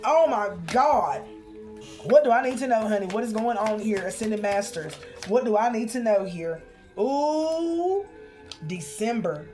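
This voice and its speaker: A woman doing a spiritual card reading for her viewers, expressive and chatty, calling them honey and y'all. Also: mid-range voice, a little fast, hardly any pauses, soft background music.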